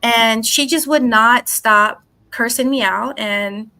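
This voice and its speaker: A woman, a psychic guest in a casual interview, telling her story in an animated way and acting out what people said, swearing freely. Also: fairly high pitch, takes it slowly.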